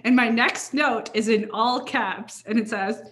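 A woman's voice: fairly high pitch, a little slow, a bit bright, a little hiss or hum. A woman co-hosting a casual podcast, chatting about a TV show with lots of fillers and laughter. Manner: giggly, filler-heavy talk. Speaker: podcast co-host. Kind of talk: casual chat.

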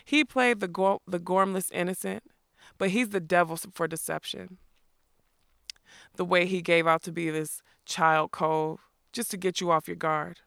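A woman voicing a gruff, shrewd old outlaw in a storybook reading, growling in rustic speech. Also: on the low side, steady tone, a little slow, fairly bright tone, no echo, clean studio sound. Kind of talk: audiobook character voice.

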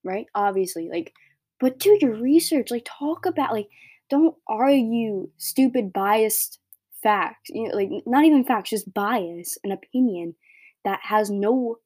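Teen girl podcaster, blunt rambling rant, warm voice, dry close sound. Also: on the high side, lively intonation, unhurried, no room sound. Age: teens. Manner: blunt, rambling, heavy filler words. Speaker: podcast host. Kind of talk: solo opinion rant.

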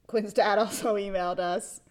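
A woman co-hosting a podcast chats casually, animated and giggly, reading messages aloud with playful emphasis. Her voice is medium-pitched at a normal speed.

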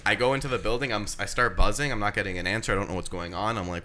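A man's voice: fairly low pitch, racing. A young man telling a crude personal story in casual chat, acting out what people said. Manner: animated, crude, acts out quoted voices. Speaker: podcast host telling a story.

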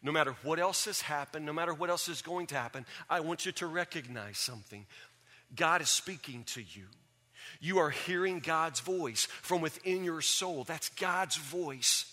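A man's voice: fairly high pitch, moderate pace, sharp tone, in a large hall. A man voicing an earnest counseling father. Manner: earnest, repeating for emphasis. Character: patient earnest father counseling his son.

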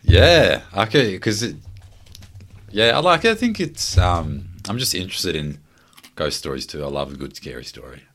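Man with an extremely deep voice. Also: big pitch swings, moderate pace, a bit bright. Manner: joking, laughs often. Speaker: podcast guest. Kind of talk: casual chat. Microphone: podcast microphone.

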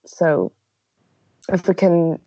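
A woman in a tabletop game reasoning earnestly through the options. Her voice sits low, recorded dry with a dull lo-fi sound. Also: steady tone, very slow, mellow, no room sound. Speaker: player. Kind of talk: casual role-play chat.

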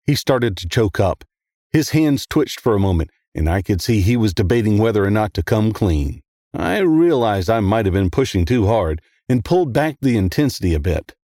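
Low dry voice guy reading a creepy story, steady and measured. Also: no echo. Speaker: horror story narrator. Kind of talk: first-person horror story reading.

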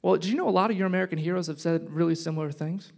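A man preaching a casual, conversational sermon, joking one moment and dropping to a hushed, reflective tone the next. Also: on the high side, very fast, gravelly. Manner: conversational and joking, swinging between loud punchy lines and hushed reflective ones. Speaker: pastor.

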